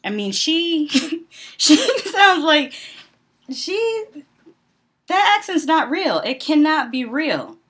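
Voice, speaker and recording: A woman's voice: high voice, sing-song, slow pace, pauses often. A young adult woman from the Northeastern US, giving casual commentary on a reality TV show in her vlog. She is blunt and opinionated, laughs often and fills her talk with "um"s. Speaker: vlogger.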